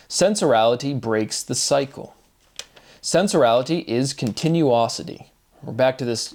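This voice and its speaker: A man thinking aloud in an unscripted solo monologue, rambling through free-associating wordplay and often checking in with "right?". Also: medium pitch. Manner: thinking aloud with fillers and restarts. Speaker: host of a self-made video series.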